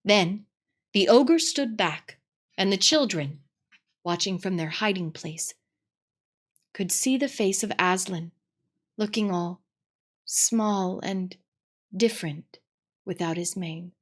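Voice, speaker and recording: A woman narrating a storybook read-aloud in an expressive, dramatic way. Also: mid-range voice, takes it slowly, pauses often.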